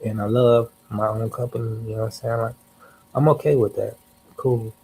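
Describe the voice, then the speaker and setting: A man's voice: lowish voice, little pitch movement, normal speed, gravelly, mellow, a little hiss or hum, poor audio. Young male streamer, casual storyteller, heavy slang and cursing, rambling asides. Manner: loose, slangy, profane, restarts and asides. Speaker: livestream host.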